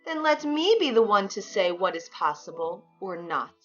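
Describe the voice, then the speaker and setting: A woman's voice: mid-range voice, big pitch swings, normal speed, a bit bright. A woman doing a huffy, grand fairy godmother. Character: bossy, proud fairy godmother, older woman. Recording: dull lo-fi sound with faint music.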